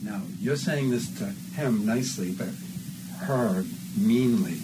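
Man directing a hobby drama session, casual and instructive, loud background noise. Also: lowish voice, takes it slowly. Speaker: recording director. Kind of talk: directing voice actors.

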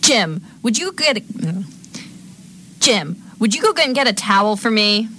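A woman's voice: medium pitch, very animated, moderate pace, sharp tone, slight background noise. A woman voice actor chatting casually between takes in a recording session.

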